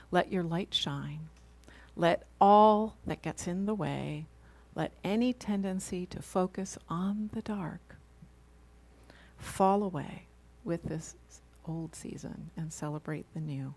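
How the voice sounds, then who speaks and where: Slow, low-voiced woman minister preaching. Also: a little mellow. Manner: slow, reflective, asks rhetorical questions with frequent "right?". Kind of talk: sermon.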